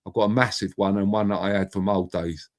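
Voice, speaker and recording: A man's voice: low-pitched, steady tone, a little fast. A middle-aged English man hosting a casual live chat, blunt and matey, swearing freely and calling viewers mate and bruv. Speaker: live stream host.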